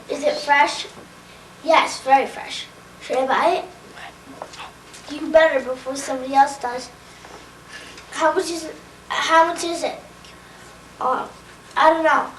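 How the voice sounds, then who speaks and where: Brief: high woman voice telling a joke, recorded far off in an echoey room. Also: a little hiss or hum. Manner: deadpan joke telling with acted dialogue. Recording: roomy, distant home video recording.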